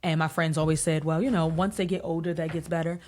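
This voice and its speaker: A woman in her thirties, a podcast guest telling family stories in a casual, animated way and laughing often. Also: low-pitched, fast. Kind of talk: casual interview chat.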